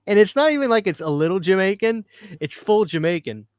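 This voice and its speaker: A man's voice: high-pitched, big pitch swings, normal speed, darkish tone, dry recording, studio quality. A man hosting a casual live stream, chatting loosely, answering viewer comments and laughing easily. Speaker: livestream host. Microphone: studio microphone.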